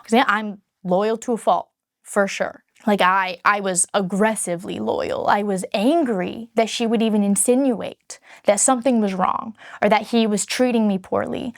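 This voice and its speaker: A woman's voice: medium pitch, fairly even intonation, moderate pace, dry recording, studio quality. A woman speaking frankly and earnestly to camera as she tells her own story in a casual vlog. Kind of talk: candid personal storytelling to camera.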